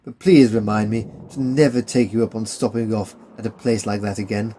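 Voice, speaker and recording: A man voicing a composed, middle-aged British army major with a dry, measured manner. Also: lowish voice, fairly even intonation, mellow, a little hiss or hum, natural voice.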